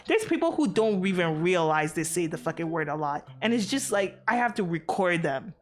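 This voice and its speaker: A woman streaming and chatting loosely to her chat in a low-pitched voice, piling up fillers and curse words as she rambles. She is from outside America. Soft music plays faintly behind her. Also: fairly quick, hardly any pauses. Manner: rambling, animated, frequent swearing and fillers. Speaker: VTuber streamer.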